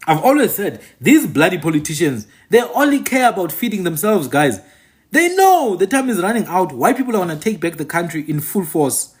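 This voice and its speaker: A fairly high-pitched man with a South African accent and a husky edge, talking straight to his viewers. His pitch swings widely as he drives his points home, repeating lines for emphasis in an opinionated monologue. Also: sing-song, a little fast. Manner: emphatic, repeats phrases for effect. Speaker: channel host and commentator.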